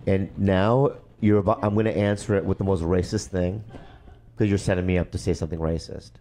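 A man's voice: low-pitched, steady tone, a little fast, warm tone. A man in casual podcast chat, joking and laughing through his lines. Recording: noisy podcast recording.

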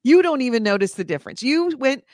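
Female co-host, lively pitch, mock-outraged ranting, dry close mic. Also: quick pace, no echo. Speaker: podcast co-host. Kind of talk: casual chat.

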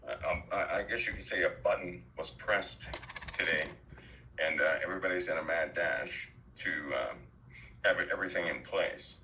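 Guest man on a headset, low pitched, tense tone, halting delivery full of fillers, faint hiss behind. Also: bright, forceful tone, rough recording. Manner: halting, many fillers and restarts. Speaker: guest commentator. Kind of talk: call-in talk show chat.

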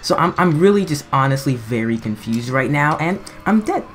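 A woman's voice: deep voice, animated, moderate pace, slight background noise. A woman giving rambling, self-mocking gameplay commentary, breaking into frantic yelps when things go wrong. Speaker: gaming commentator.

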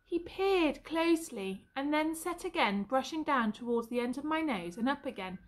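A woman teacher reading a story aloud with an expressive, varied delivery. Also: sits high, moderate pace.

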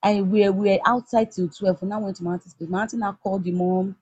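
A young Nigerian woman with a husky voice, heatedly retelling a personal story with many restarts. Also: mid-range voice, steady tone, fast, darkish tone, dry recording. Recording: dull lo-fi recording.

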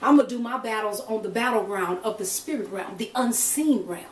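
A woman's voice: a little high, brisk. An older woman minister leading a prayer call, preaching with fervor, using colloquial phrasing and rising to emphatic exclamations. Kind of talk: preached exhortation. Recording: echoey distant call audio.

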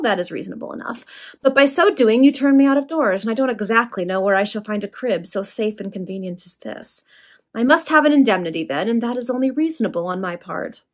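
A woman reading aloud, voicing a cool and menacing male villain in her own voice. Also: a little high. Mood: mocking. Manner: calm, mocking, unhurried.

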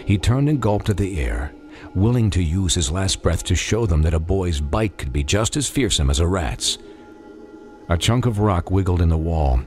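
A man narrating a dark audiobook in measured, dramatic storytelling. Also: low voice. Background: music.

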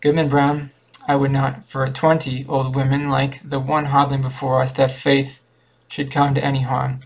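A man reading as a calm, sinister old traveler. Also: mid-range voice, moderate pace, vocal fry, rough recording. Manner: flat, barely changed reading voice. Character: calm sinister elderly male traveler with a staff.

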